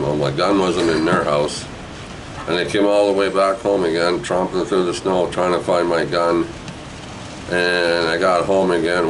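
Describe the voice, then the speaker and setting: A low-voiced man from New Brunswick, Canada, rambles through a childhood memory like a storyteller sharing a casual spoken memoir. He digresses often, peppering his talk with tag questions, "eh" and "right." The rough recording carries slight background noise.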